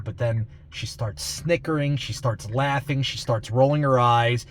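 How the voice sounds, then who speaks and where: A man's voice: mid-range voice, normal speed, hardly any pauses. A man vlogging from inside a car, talking in a blunt, rambling, exasperated way. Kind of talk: casual monologue.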